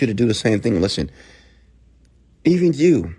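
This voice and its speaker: A middle-aged man with a low, deep voice delivers a motivational monologue straight to his listeners. He is emphatic, dropping to hushed near-whispers and then rising to shouts. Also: wildly swooping pitch, normal speed, vocal fry, slightly rough. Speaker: motivational speaker.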